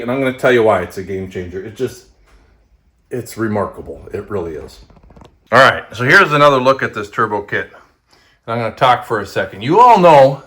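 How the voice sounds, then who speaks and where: A man's voice: mid-range voice, a bit bright. A man hosting his own tractor channel, talking casually and with enthusiasm, often repeating himself and checking in with "okay?" and "right?". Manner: enthusiastic, repetitive, keeps adding "okay?" and "right?". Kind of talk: casual enthusiastic equipment talk to camera. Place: garage.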